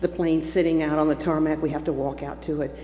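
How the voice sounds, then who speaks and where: A woman's voice: low voice, fast talker, soft background music. Older woman telling a story in an echoey church. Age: 70s. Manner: lively, acting out the voices in her story. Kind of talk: personal storytelling to a congregation. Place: church sanctuary. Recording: echoey church hall with faint hum.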